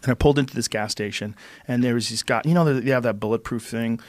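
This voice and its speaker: A man's voice: mid-range voice, fast talker, no echo. A middle-aged man hosting a podcast, telling a story casually and profanely, acting out what people said. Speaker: podcast host.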